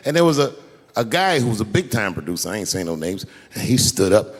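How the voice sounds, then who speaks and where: A man doing stand-up comedy, telling a story in an animated, profane way. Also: on the low side, fast talker, slightly rough, big-room sound.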